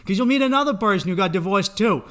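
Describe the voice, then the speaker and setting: A man's voice: high voice, lively intonation, quick pace, fairly bright tone. A young man hosting a podcast, delivering a rambling, profane comic pep talk straight at the listener. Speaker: podcast host.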